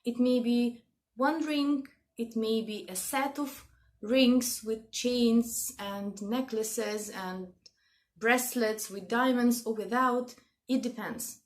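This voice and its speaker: Slow-talking Russian woman explaining words. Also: on the high side. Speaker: language video host. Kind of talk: casual explanatory vlog.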